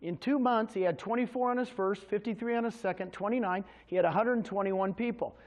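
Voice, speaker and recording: A man fires questions at real estate agents during an energetic, motivational sales presentation. His high voice moves fast, with few pauses.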